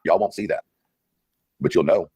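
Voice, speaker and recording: A man in a played livestream clip, talking in a brisk, threatening way to his critics. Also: low-pitched, dark tone, husky, no room sound. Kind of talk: livestream talk.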